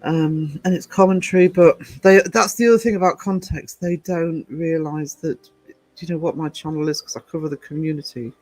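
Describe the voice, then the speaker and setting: Chatty British man, slightly high voice. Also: fairly even intonation, moderate pace, darkish tone, low-quality recording. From United Kingdom. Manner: chatty, rambling, digressive. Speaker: YouTube channel host. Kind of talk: casual livestream chat.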